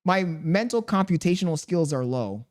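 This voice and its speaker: Young guy streaming, reads chat out loud and riffs back, relaxed and chuckly, throat a bit sore, voice sits kinda high for a guy. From Chicago, USA. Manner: laid-back, chuckling, drifts between slow and quick talk. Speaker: live streamer. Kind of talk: casual stream chat, reading viewer comments aloud.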